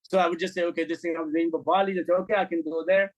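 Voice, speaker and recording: A middle-aged man, a film director appearing as an interview guest, tells candid, blunt, profane stories and acts out the dialogue in them. His voice sits on the high side and races along, and the audio quality is poor. His anecdotes are animated.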